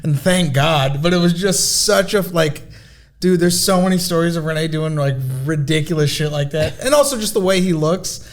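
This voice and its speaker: A man's voice: a little high, moderate pace. A man tells stories on a podcast in a slightly raised voice. He rambles and swears, and the talk is casual and loose. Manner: rambling, profane, laughing through stories. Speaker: podcast guest.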